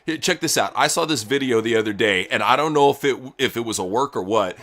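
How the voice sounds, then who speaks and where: Animated, crude-talking laughing man. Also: medium pitch, fast. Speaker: co-host. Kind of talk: casual profane chat while watching wrestling.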